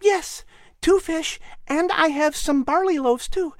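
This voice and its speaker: A man's voice: very high voice, slow pace, no room sound, clean studio sound, pitched above the performer's own voice. A man voicing an eager, cheerful young boy in a storybook reading. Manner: eager, bright. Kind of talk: storybook narration.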